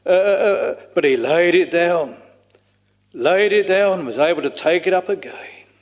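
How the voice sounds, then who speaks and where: Speaking in a large hall, a high-voiced man gives a solemn, slow sermon. His language is old-fashioned and scriptural, his phrases are long and drawn out, and he sighs "ah" repeatedly between them.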